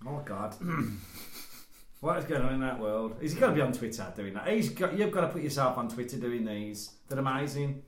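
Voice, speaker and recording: A man co-hosting a podcast, chatting casually and reacting in quick outbursts. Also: mid-range voice, expressive, roomy sound. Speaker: podcast co-host. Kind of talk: casual chat.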